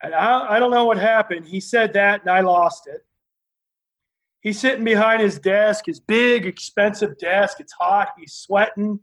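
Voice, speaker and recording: A man telling rambling, animated stories in a casual interview, full of fillers and restarts. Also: high voice, unhurried, rough recording. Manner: laughs while telling stories. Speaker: interview guest, former wrestler.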